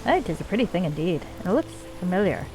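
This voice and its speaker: A woman voicing a gruff male dwarf clan leader, weary of endless war, in a put-on Scottish accent. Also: on the low side, very animated, fast, over music, low-quality recording. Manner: gruff, archaic folksy dwarf speech. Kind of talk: reading game dialogue aloud.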